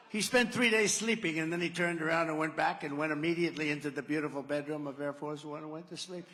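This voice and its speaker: Gravelly man giving a rambling rally speech. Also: on the high side, fairly bright tone, a little hiss or hum. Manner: digressive, sarcastic, acts out quotes. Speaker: political candidate at a campaign rally. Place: large rally venue. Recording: echoey hall reverb.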